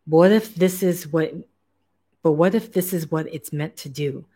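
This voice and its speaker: A man's voice: on the high side, measured pace, warm tone. A woman voicing a skeptical male scientist who asks blunt, direct questions in a plain voice.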